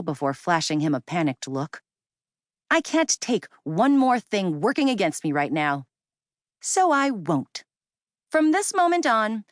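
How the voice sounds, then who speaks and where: Feisty, lively woman audiobook narrator. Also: sits low, no echo, clean studio sound. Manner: feisty, indignant first-person storytelling. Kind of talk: scripted first-person audiobook narration.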